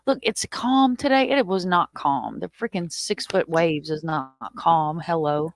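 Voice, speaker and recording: A woman hosting a live chat, telling a story in a lively, swearing style and acting out quotes in a raised voice. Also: fairly low pitch, normal speed, hardly any pauses, dry recording. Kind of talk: casual storytelling.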